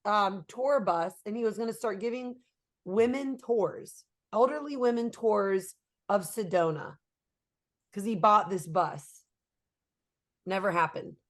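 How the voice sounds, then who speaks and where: A woman co-hosting a casual podcast chat, telling family stories with a quick, dry humor. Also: mid-range voice. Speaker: podcast co-host.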